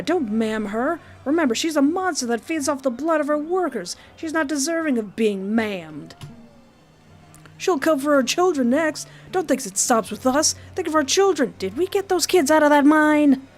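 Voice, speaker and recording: Playful chatty woman streamer. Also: high voice. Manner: playful, chatty, laughs often. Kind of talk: live game commentary.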